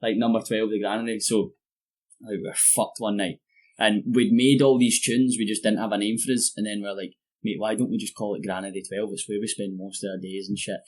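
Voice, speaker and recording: A man's voice: fairly low pitch, little pitch movement, fairly quick. A Scottish man chatting casually as a podcast guest, telling stories in a loose, sweary way full of "like" and "mate". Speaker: guest musician. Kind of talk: casual chat over beers.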